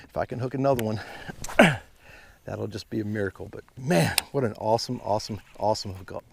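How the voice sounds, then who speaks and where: A man giving excited fishing commentary from a boat on a mountain lake, exclaiming often and calling out to viewers as guys. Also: lowish voice, fairly quick, vocal fry, heavy background noise. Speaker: fishing vlogger.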